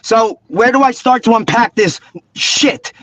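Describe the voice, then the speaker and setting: A man's voice: extremely high pitch, animated, unhurried, fairly bright tone, slight background noise, poor audio. A man with a New York accent calling in to a sports podcast, ranting with profanity and sarcasm. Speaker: caller. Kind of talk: angry call-in rant.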